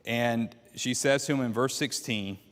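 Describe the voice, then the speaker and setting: A man's voice: mid-range voice, unhurried, a bit bright. Man teaching a Bible class in a reverberant church. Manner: quizzes the class with questions.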